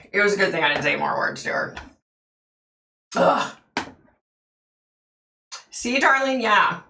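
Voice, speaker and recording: A woman's voice: mid-range voice, gravelly, sharp tone, slight background noise. Chatty woman in an echoey room. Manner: chatty storyteller, laughs often, answers the chat. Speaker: livestream host. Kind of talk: casual chat with viewers.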